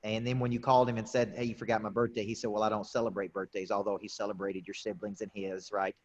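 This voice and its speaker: Husky man in his forties hosting. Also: on the low side, level tone, muffled recording. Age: 40s. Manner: measured, affirming, repeats words. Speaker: host. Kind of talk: conversational interview.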